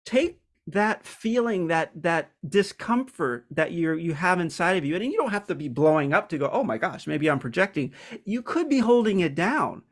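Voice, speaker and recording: Soft-spoken man musing with many pauses. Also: high voice, very animated. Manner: hesitant, many ums and restarts; candid, personal. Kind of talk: casual reflective monologue.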